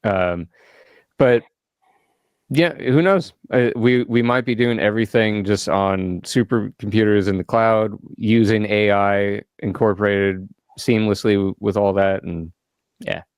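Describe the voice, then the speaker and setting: A man's voice: fairly low pitch, a little slow, clear, resonant tone, no room sound. A man co-hosting a casual podcast from a studio, rambling and laughing often. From South Africa. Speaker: podcast co-host. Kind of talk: casual chat.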